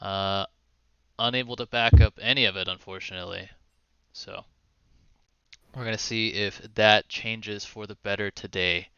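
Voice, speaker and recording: A man casts an online esports show with a very bright, crisp voice. He talks in a lively, joking way and laughs easily. The recording is dry and close but a little dull and lo-fi. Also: lowish voice, normal speed, no room sound. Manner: lively, laughs a lot, swears casually. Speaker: esports caster and host. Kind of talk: casual streamed esports commentary.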